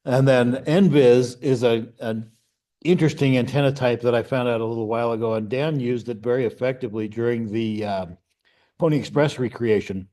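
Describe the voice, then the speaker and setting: A man's voice: mid-range voice, fairly quick, warm tone. A middle-aged man teaching an amateur radio class, explaining step by step in a conversational way and checking in with "okay?" and "right?". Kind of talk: classroom lecture.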